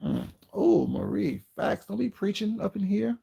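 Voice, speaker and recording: A man doing casual live-stream commentary, sassy and emphatic, leaning on slow, repeated rhetorical questions and greeting his chat. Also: high-pitched, big pitch swings, vocal fry, warm tone, slightly rough.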